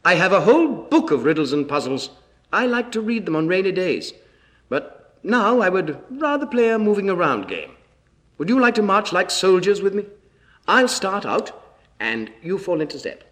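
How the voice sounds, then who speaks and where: A man's voice: high voice, big pitch swings, moderate pace, a bit bright. A man hosting a children's radio program, leading rhyme games and reciting tongue twisters in a friendly, teacherly way.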